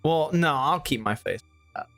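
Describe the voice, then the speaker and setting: A man's voice: on the high side, animated, normal speed, a bit bright, soft background music. A man co-hosting a livestream, reacting to clips with casual, mocking commentary. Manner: sarcastic, mocking. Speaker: livestream co-host.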